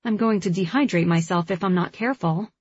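A woman narrating a first-person romance audiobook in a measured, emotional reading. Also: lowish voice, breathy edge, no room sound. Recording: dull lo-fi recording.

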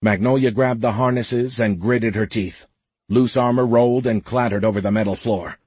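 A man narrating a science fiction audiobook in a steady, measured way. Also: mid-range voice, slightly rough, dry recording. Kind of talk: scripted narration.

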